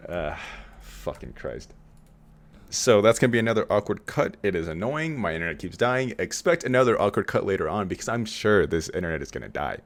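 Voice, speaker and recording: A podcast co-host with a very low, deep voice, talking casually over a remote call. He rambles and swears now and then, keeping his tone in a polished customer-service register. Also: big pitch swings, a little fast. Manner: rambling, swears when frustrated; raised customer-service speaking voice.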